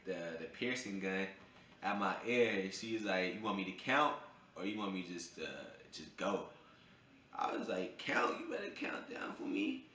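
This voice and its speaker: Young guy vlogging a story, bright voice, echoey room w faint hum, squeaks up high when he gets to the punchline. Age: young adult. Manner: animated, jumps to high yelps when acting out his own reactions. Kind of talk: casual storytelling.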